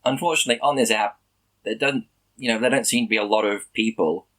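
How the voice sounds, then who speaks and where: Man thinking aloud with lower pitch. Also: fast talker, a bit bright, low-quality recording. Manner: musing, thinks aloud with many ums and rhetorical questions. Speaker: language learning vlogger. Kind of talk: casual explanatory monologue.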